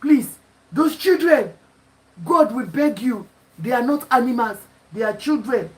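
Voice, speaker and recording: A Nigerian woman giving impassioned commentary, pleading and breaking into shouts. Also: fairly high pitch, animated, measured pace, low-quality recording. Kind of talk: emotional commentary.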